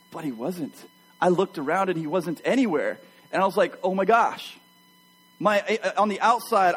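A man preaching a sermon to his church, telling a personal story with animated energy and addressing the congregation directly. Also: high voice, rough recording. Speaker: pastor.

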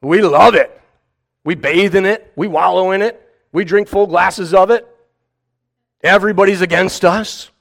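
Man, sermon, lively swooping delivery, slightly high voice, mock voices. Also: unhurried. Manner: animated, mock voices and rhetorical questions. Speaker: preacher.

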